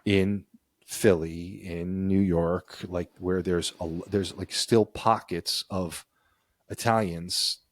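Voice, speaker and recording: A man's voice: deep voice, fairly even intonation, slow pace, no room sound, studio quality. A man co-hosting a podcast from the United States, thinking aloud in a rambling casual chat with frequent restarts. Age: adult, a parent. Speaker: podcast co-host.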